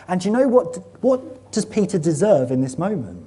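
A man preaching a sermon, earnest and emphatic, building to animated exhortation. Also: high voice, normal speed, hardly any pauses, breathy edge.

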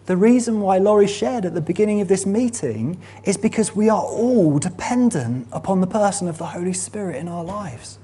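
Husky-voiced preacher. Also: medium pitch, lively intonation, normal speed, few pauses, dark tone. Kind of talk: sermon. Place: church meeting room.

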